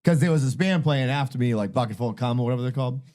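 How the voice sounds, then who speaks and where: A man's voice: medium pitch, rapid-fire, a little mellow. Blunt, sarcastic man hosting a podcast. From Irish-American. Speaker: podcast host and singer-songwriter. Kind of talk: casual chat.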